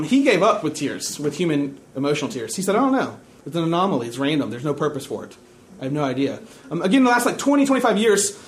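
A young man giving a conversational sermon, chatty and loose, often checking in with the audience and slipping in dry jokes at his own expense. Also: a little high. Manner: casual, chatty, checks in with "right?" and "okay?"; dry self-mocking humor. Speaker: preacher.

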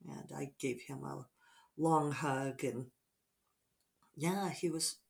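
A middle-aged woman author talking casually over morning coffee, reflective and rambling with soft fillers. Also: extremely low pitch, slow, gravelly.

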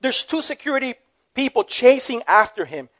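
A man's voice: very high-pitched, very animated, moderate pace, fairly bright tone. A man preaching a sermon as a pastor, telling a story in an earnest, emphatic way.

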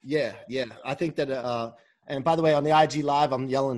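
A man's voice: medium pitch, fairly even intonation, brisk, a little mellow. A man who coaches people, talking casually and eagerly from home as a podcast guest, rambling and restarting often. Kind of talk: casual interview talk. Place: home during quarantine.

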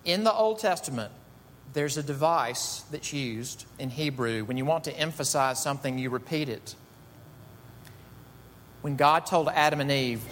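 A male pastor delivering a sermon with a slightly high voice that climbs sharply on stressed words. The sound carries a long hall reverb with a faint low rumble underneath. His delivery is emphatic and builds in intensity. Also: moderate pace, a bit bright. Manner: emphatic, rising to high bursts on key words.

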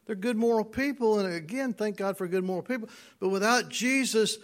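A man preaching a conversational sermon, stretching key words and checking in with the congregation. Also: high voice. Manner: drawn-out emphatic words, playful asides. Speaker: pastor.

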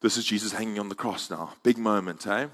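A man preaching a sermon in a church, moving from quiet, intimate passages to loud, soaring climaxes. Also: lowish voice, fast talker. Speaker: pastor.

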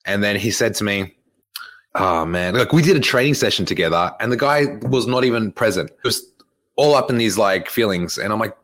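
A man's voice: fairly low pitch, lively intonation, a little fast, fairly bright tone. A young man, a fitness coach telling a rambling, profane story in casual podcast talk. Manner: rambling, profane, laughs often.

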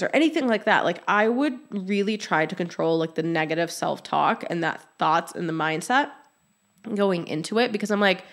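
A woman's voice: fairly low pitch, lively intonation, normal speed, fairly bright tone. A woman in her thirties hosting a podcast, talking casually and openly, full of "like" fillers and acted-out quotes. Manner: chatty, many "like" fillers, acts out quoted voices. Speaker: podcast host. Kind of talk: casual solo podcast talk.

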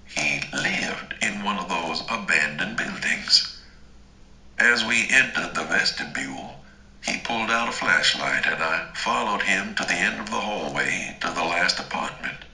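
A man narrating a first-person story in a slow, dramatic, deliberate way. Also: low voice, lively intonation, vocal fry, pushed and bright, roomy sound, rough recording. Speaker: audiobook narrator.

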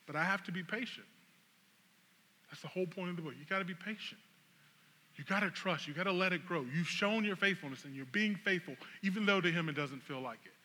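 Man, pastor, sermon storytelling, humorous and animated, high voice, long hall reverb. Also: a little fast.

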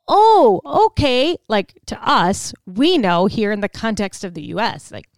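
This is a woman hosting a podcast, spinning stories with lots of laughter and quick bits of acted-out dialogue. Her voice is smooth and clear. It sits at a middle pitch and sounds dry and close to the mic. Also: no room sound. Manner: animated, laughs often, acts out voices in quotes. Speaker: podcast host. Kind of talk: storytelling monologue.

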